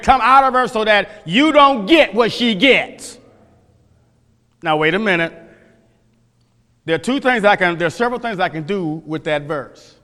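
A man's voice: high voice, lively intonation, moderate pace, pauses often, bright, forceful tone. A male pastor teaching a sermon from scripture, emphatic, repeating phrases and quizzing the congregation. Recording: long hall reverb.

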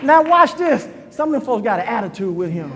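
A man preaching a fervent sermon to his congregation, calling out to them and often shouting. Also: extremely high pitch, sing-song, fairly quick, long reverb tail. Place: church hall.

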